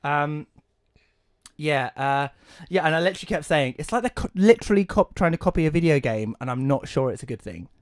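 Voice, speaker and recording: A man's voice: a little high, fairly quick, dry recording. Ranting sweary man on a dry podcast mic. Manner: swears a lot, ranting and animated. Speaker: podcast co-host. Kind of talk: casual chat.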